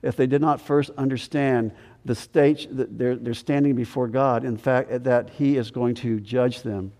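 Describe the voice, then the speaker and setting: Male pastor, sermon delivery, mellow tone, repeats for emphasis, long church reverb. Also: medium pitch, steady tone, measured pace. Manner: earnest preaching, repeats words, swings from loud to quiet. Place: church sanctuary.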